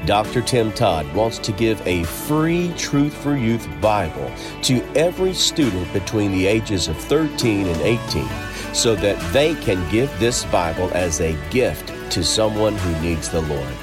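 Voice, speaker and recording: A man with a very deep voice reads a scripted ministry announcement, and his pitch swings widely. He sounds smooth and earnest, and music plays clearly beneath him. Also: animated, unhurried. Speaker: program announcer. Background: music bed.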